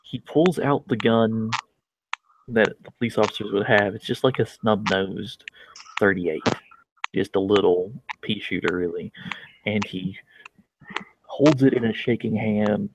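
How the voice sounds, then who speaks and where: A man with a fairly low voice plays a tabletop roleplaying game, calmly describing his character's actions. Clear background noise sits behind him. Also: measured pace, long pauses. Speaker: player.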